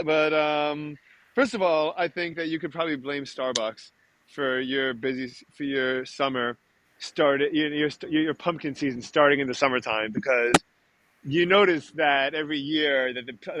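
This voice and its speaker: A man's voice: mid-range voice, fairly bright tone. A man hosting a podcast, joking and chummy, often calling his guest "dude.". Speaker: podcast host. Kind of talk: casual podcast chat.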